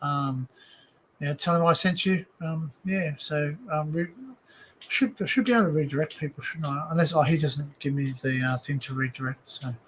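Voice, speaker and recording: A man's voice: on the high side, moderate pace, fairly bright tone, slight background noise. A man with an Australian accent hosting a casual home livestream, rambling with lots of fillers and restarts. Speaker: livestream host. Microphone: desk microphone.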